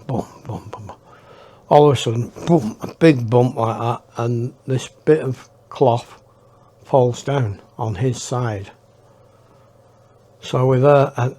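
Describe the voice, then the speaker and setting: Slow-talking storyteller man. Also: medium pitch. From England. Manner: unhurried, drawn-out telling with pauses and hushed asides. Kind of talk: casual spoken anecdote.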